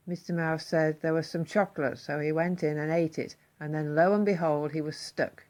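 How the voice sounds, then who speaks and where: A woman reading a children's story aloud, expressive and slowing down for emphasis. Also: low voice.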